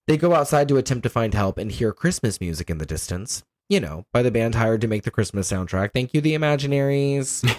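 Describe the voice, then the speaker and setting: A man co-hosting a podcast in casual chat, animated and profane, laughing often. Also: on the low side, dry recording, clean studio sound. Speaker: podcast co-host.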